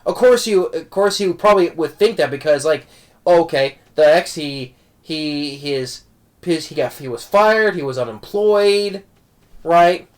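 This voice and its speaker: A man's voice: on the high side, a little slow. A man giving a casual spoken film review, rambling, with many restarts and tag questions. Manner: warm, amused fan talk. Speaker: movie reviewer.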